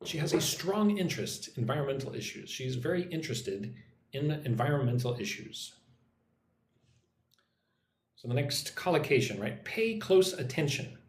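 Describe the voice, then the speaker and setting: A man teaching English on a live stream, slowly modeling pronunciation and reading viewer comments aloud. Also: mid-range voice, sing-song, roomy sound, slight background noise.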